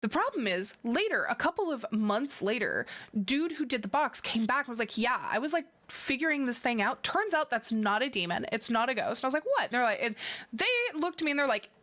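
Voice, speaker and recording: A young woman hosting a casual chat, telling a ghost story in an animated way, swearing freely and laughing often. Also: a little high, a little fast.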